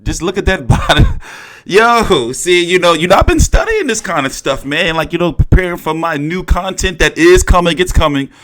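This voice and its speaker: A young man talking through a boxing press conference in loose, profane chat, his pitch sitting a little high and swinging widely. He gets carried away and breaks into loud, excited outbursts. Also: moderate pace. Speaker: boxing commentator. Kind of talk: casual reaction commentary.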